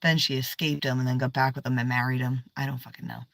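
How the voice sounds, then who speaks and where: A woman's voice: very deep voice, flat delivery, fast, creaky, no echo. A woman chatting casually on a tarot livestream, swearing freely, trailing off and now and then dropping to a whisper. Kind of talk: casual live-stream chat.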